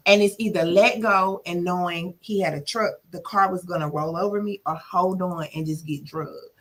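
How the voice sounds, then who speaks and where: A woman's voice: lowish voice, fairly even intonation, normal speed. A woman guest on a podcast, retelling a painful experience from her past. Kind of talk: personal storytelling.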